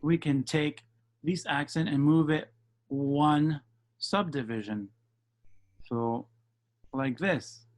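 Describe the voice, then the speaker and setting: Slow, patient male jazz teacher. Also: on the high side. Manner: patient, explains step by step, counts beats aloud. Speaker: jazz piano instructor. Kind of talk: online music lesson. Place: home setup for a virtual session. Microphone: video call.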